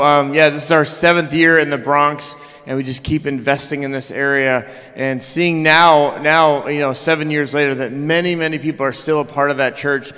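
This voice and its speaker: A man's voice: a little high, fairly bright tone. A young man giving an informal mission report in church, a bit out of breath, with many fillers. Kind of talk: testimony. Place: large church sanctuary. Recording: long hall reverb.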